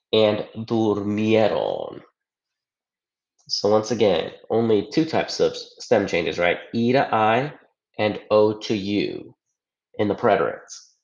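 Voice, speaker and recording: A man's voice: on the low side, a little mellow. A man teaching a recorded grammar lesson over slides, patient, going step by step and checking in with the listener. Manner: patient, explains step by step, often checks with "right?". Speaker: Spanish teacher. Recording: echoey room, dull lo-fi sound.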